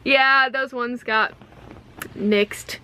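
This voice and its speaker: A woman's voice: a little high, fairly even intonation, very slow, sharp tone, clear, resonant tone, rough recording. A young woman co-hosting a casual chat, telling stories and laughing often. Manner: laughs often, tells stories with quoted voices. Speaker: podcast co-host.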